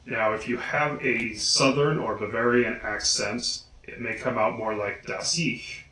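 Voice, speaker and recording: A man hosting a casual video guide, slowly and deliberately enunciating each name. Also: medium pitch, fairly even intonation, bright, forceful tone. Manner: slow, deliberate enunciation of names. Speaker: vlogger. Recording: echoey room.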